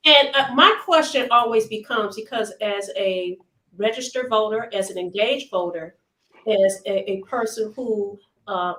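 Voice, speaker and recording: A woman's voice: a little high, a bit bright. A woman with a Detroit accent, co-hosting a radio talk show, arguing emphatically with rhetorical questions. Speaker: co-host. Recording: echoey room.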